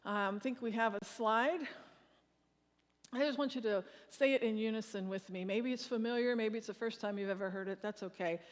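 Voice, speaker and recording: A woman's voice: a little high, brisk. Woman preaching in a reverberant church. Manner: leads congregation in reciting a psalm. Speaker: pastor. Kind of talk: sermon. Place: large church sanctuary. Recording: long hall reverb.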